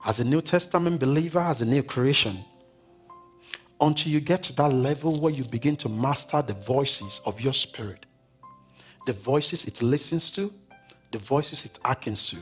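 A male pastor preaching a sermon in a church, swinging from loud declarations to hushed, whispered words. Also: medium pitch, normal speed. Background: faint keyboard music.

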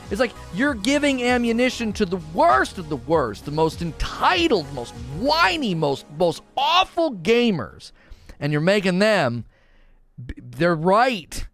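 A man's voice: high-pitched, sing-song, a little slow, a bit bright, faint music behind. A man hosting a gaming talk show, ranting in an exasperated, emphatic way to his co-hosts. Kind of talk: opinionated gaming commentary.

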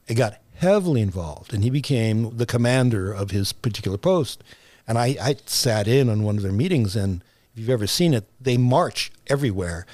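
A man's voice: mid-range voice, expressive, moderate pace, darkish tone, no echo. An older man, a playwright guest on an interview show, telling stories reflectively, with many fillers and restarts. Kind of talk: conversational interview.

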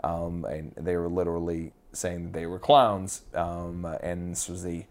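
A man's voice: sits low, level tone, unhurried. A man who is an actor, casually telling an interviewer a story, rambling with many fillers and restarts.

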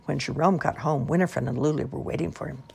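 A woman reading a children's story aloud with expressive, lively voicing. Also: low-pitched, quick pace, gravelly, husky.

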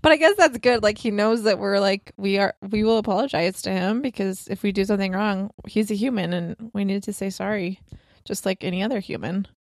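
A woman's voice: medium pitch, fairly quick, dry recording. Woman in her twenties, podcast co-host, casual rambling chat, many fillers, dry close sound. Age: 20s. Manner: chatty, lots of "like" and laughs.

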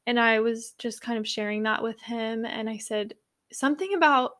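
A young woman from California talks in a casual, rambling way, with fillers and restarts. Her voice sits a little high and she sounds sincere. She is a yoga teacher sharing her own experience. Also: moderate pace, a bit bright. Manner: rambling, filler-heavy, earnest. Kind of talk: casual personal storytelling.

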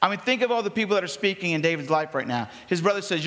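Racing through his sermon, a pastor addresses his church in a bright, high, animated voice. He treats the congregation like conversation partners while voicing each figure in the story, and the sanctuary answers with long, ringing reverb.

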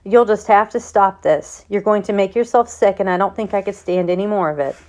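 A woman voicing a gentle, worried country mother who speaks softly and comfortingly, in a plain reading of a storybook. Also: medium pitch, steady tone, brisk, close to an everyday voice. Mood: tender.

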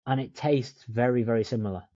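A man's voice: mid-range voice, a little fast, dark tone, no room sound. Laid-back man co-hosting a podcast, dull dry sound. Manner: laid-back, swears, says "mate". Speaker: podcast co-host. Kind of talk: casual chat. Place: in Dublin, remote call.

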